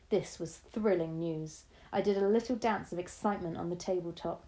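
Woman teacher, storytelling read-aloud, warm dark voice, steady delivery. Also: fairly low pitch, normal speed, hardly any pauses, poor audio. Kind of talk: reading a children's novel aloud.

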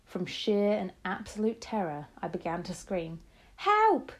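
A woman narrating a children's story in the first person, dramatic and expressive. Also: on the low side, moderate pace. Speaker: audiobook narrator.

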